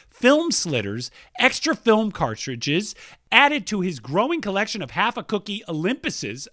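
Playful guy reading out listener emails, higher voice, swoops around a lot. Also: no room sound, clean studio sound. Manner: animated, laughs often, playful. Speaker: podcast co-host reading listener mail. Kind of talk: casual chat.

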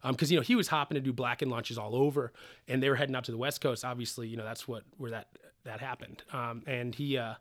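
Animated man telling distillery stories. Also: medium pitch, fast. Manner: animated, swears casually, gets emotional. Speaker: distillery founder. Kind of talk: casual storytelling in a podcast interview.

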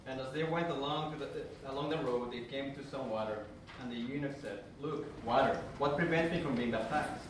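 A man in a class reading scripture aloud, quick and quiet with restarts. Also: mid-range voice. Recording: distant echoey recording with background noise.

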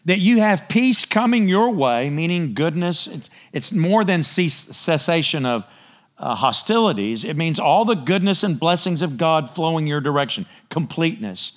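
A man preaching a sermon in a conversational way, often asking his listeners for agreement and clearing his throat. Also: on the high side, sing-song, normal speed. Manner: conversational, asks the congregation for agreement. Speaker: pastor.

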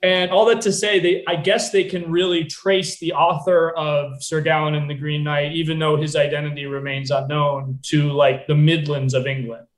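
A man's voice: on the high side, level tone, normal speed, hardly any pauses, roomy sound. An American man chatting casually about a film, loose and full of fillers and asides. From United States.

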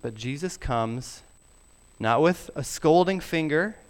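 A middle-aged man preaching a sermon, emphatic and deliberate, sometimes dropping his voice very low. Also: animated. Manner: slow, emphatic preaching with soft drops to near whisper. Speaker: pastor.

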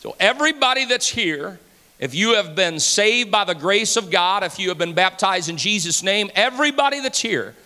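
Male pastor, high bright voice, fervent preaching, reverberant hall. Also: expressive, normal speed. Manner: fervent preaching, rising to shouts. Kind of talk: sermon. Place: church sanctuary.

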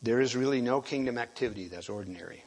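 A man giving a sermon, halting and restarting often and clearing his throat. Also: medium pitch, a little mellow. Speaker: preacher.

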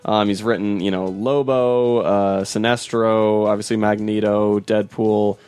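Relaxed man hosting a comics chat. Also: on the low side, measured pace, clean tone. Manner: laid-back, laughs often, trails off with fillers. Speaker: podcast host. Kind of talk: casual chat about comics.

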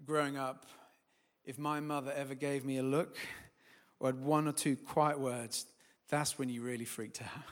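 A man preaching a sermon, building to loud, emphatic peaks and then dropping to quiet, firm words. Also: medium pitch, little pitch movement, moderate pace, long reverb tail.

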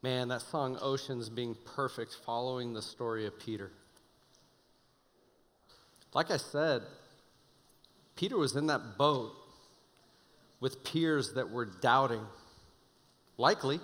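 A young man preaching to students as a youth pastor, telling the story in a casual, animated way with many fillers. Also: medium pitch, slow pace, long pauses. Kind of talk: sermon. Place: church auditorium. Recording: large hall with long reverb, faint music.

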